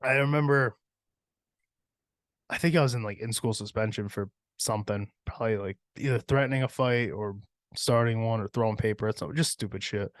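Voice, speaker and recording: Profane, rambling podcast host, dry room. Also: male voice, on the low side, a little fast, dry recording. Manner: profane, rambling, laughs through his stories. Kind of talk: casual storytelling monologue. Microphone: podcast mic.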